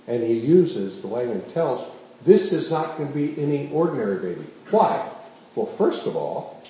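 A man's voice: mid-range voice, normal speed. A man preaching a sermon as pastor, often putting questions to the congregation as he tells the stories. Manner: questions the congregation, animated storytelling. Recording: very echoey room, faint background noise.

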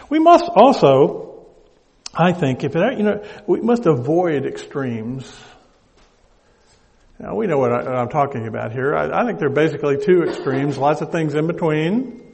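An older man from the American South with a Southern accent, preaching a sermon in a halting, deliberate way, often repeating words as he searches for them. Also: on the high side, expressive, creaky, dark tone, long reverb tail. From Southern United States.

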